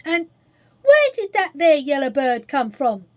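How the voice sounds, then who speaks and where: A woman voicing a bossy, grumpy cook, loud and curt. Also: sits high, very animated, a little slow, pitched above the performer's own voice. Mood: snappish.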